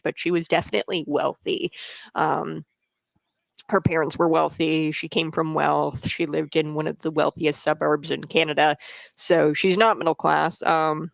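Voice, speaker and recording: A radio talk show host delivers opinion commentary in a gravelly, creaky voice. The host hammers the same points again and again, with many "uh" fillers. It is a dry studio sound with no room echo. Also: mid-range voice. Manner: emphatic, repeats points, fillers.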